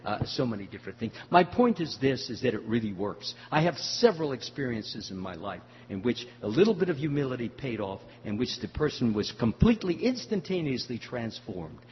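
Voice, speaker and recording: An older man giving a devotional talk, telling a story in a halting way with many fillers. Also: medium pitch, sing-song. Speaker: spiritual teacher. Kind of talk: devotional talk answering questions. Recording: muffled hall recording with faint hum.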